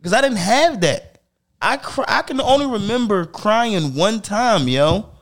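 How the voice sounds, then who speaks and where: A middle-aged man hosting a podcast, talking candidly and emphatically with lots of swearing, dropping low and quiet, then rising loud. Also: lively intonation, measured pace. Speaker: podcast host.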